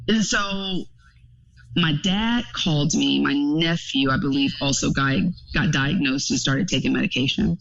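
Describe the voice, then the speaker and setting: A woman's voice: deep voice, unhurried, gravelly. A woman speaking as a podcast guest in candid casual chat, telling stories frankly with plenty of swearing. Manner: frank, profane, animated storytelling. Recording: dull lo-fi podcast audio.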